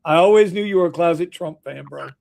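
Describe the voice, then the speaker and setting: A man's voice: on the high side, fast, creaky, heavy background noise. A man hosting a casual livestream chat, loose and jokey, throwing in "bro" and laughing often. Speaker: host.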